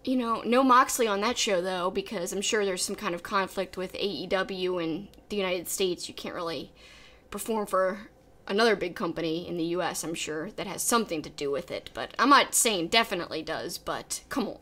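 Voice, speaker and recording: A woman's voice: on the low side, moderate pace, pushed and bright. A woman co-hosting a casual podcast, giving emphatic and opinionated takes. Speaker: podcast co-host. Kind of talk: casual wrestling podcast chat.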